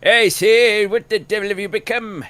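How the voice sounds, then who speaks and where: A man's voice: high-pitched, fairly even intonation, moderate pace, bright, forceful tone, smooth, voice pushed up. A man with a British accent putting on a pompous, haughty old military officer who exclaims. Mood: indignant.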